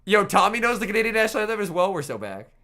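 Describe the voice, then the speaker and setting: A man with a hoarse, strained voice streams a game and talks to his viewers. His voice sits high and jumps all over, and the tone is bright and sharp. He reacts excitably to each turn of play. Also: rapid-fire. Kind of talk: casual gaming livestream chat.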